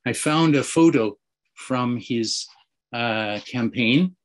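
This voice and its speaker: A man with a Canadian accent speaking as a panel speaker, halting and gently wry, with many fillers. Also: mid-range voice, rough recording. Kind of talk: panel discussion remarks.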